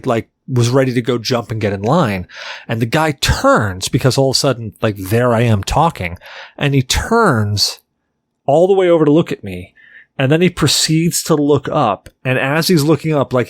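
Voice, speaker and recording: A man's voice: mid-range voice, a little slow, no room sound. A man co-hosting a podcast, telling a rambling anecdote in casual chat and filling his sentences with "like". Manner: rambling, heavy use of "like"; animated anecdote teller. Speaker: podcast co-host.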